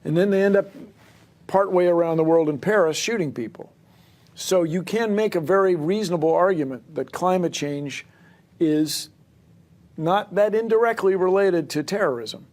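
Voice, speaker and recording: A man's voice: fairly high pitch, normal speed, darkish tone. A man making his case in a televised debate and interview, emphatic and earnest, building long explanations. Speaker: science communicator in debates.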